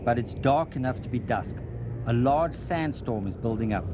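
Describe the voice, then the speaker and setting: A man giving scripted documentary voice-over narration in a measured, earnest way. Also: mid-range voice, lively intonation, heavy background noise. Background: music.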